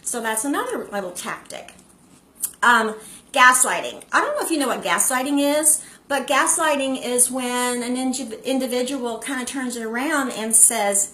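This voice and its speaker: A woman's voice: on the high side, animated, normal speed, bright, forceful tone. A woman hosting a live stream, chatting casually to viewers and greeting them by name. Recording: echoey room.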